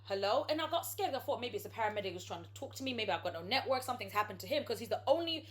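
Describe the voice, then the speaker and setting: A young woman telling a story on a podcast in casual chat, acting out the people she quotes. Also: on the high side. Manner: animated, quick storytelling with acted-out quotes.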